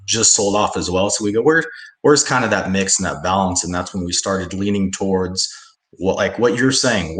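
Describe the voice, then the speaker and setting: Deep-voiced guy on a video call, laid back, lots of uh and you know, roomy echo. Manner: relaxed, many fillers. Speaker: guest, business owner. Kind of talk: casual interview chat. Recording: echoey room.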